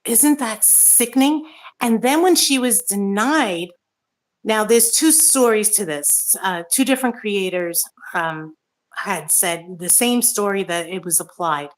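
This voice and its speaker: A woman's voice: mid-range voice, unhurried. A middle-aged woman hosting a casual talk show, ranting angrily and swearing as she reads out viewer comments. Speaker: host. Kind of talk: casual chat.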